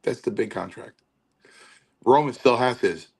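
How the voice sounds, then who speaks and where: This wrestling podcast guest speaks in a mid-range voice that is unhurried and gravelly, with a breathy edge. In casual chat he tells stories as an animated storyteller, acting out quotes.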